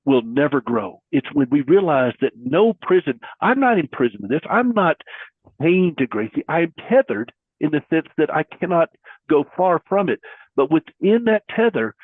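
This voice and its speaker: A man's voice: fairly high pitch, very animated, normal speed, slightly rough, dry recording, narrow, tinny audio. Earnest man on a phone-thin line. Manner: earnest, preacherly, uses folksy metaphors. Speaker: guest caregiver advocate. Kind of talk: conversational interview.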